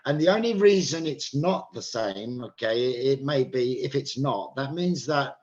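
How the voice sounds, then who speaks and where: A man's voice: medium pitch, expressive, normal speed, a little mellow, lo-fi sound. An English man with a British accent, teaching pronunciation to an online class and patiently checking that listeners follow. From England. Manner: patient, checks understanding with "okay?".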